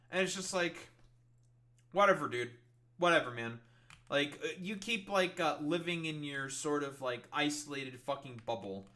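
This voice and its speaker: Man, streamer, bright tense voice, ranting, swearing, mocking commentary. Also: on the high side, normal speed. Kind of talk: casual reaction commentary.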